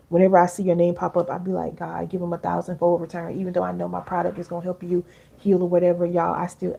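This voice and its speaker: Woman host, middle-aged, dark mellow tone with some rasp, talking casually to her live viewers. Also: lowish voice. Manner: chatty, reads viewer comments aloud, calls viewers baby and girl. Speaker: live-stream host and healing coach. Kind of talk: casual live-stream coaching talk.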